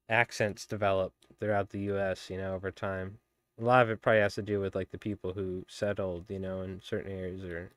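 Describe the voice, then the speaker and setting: A man's voice: on the low side, dry recording. A man hosting a fly tying live stream, chatting casually and rambling with viewers as he works. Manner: rambling, chatty, many fillers.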